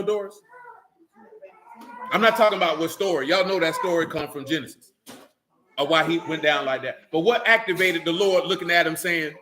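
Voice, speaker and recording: Male Bible teacher, high bright voice, preachy, keeps quizzing the class. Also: slight background noise. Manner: preachy, calls out questions to the class. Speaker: teacher leading a Bible study. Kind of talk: sermon.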